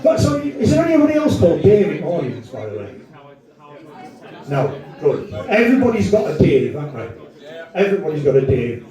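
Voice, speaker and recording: A man's voice: a little high, huge pitch swings, brisk, warm tone, highs cut off, soft background music. A man with a Northern English accent doing stand-up, bantering brashly with the audience and swearing a lot. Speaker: stand-up comedian. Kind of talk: live stand-up set with crowd work. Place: comedy venue with a live audience. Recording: echoey live room, distant mic, audience laughter.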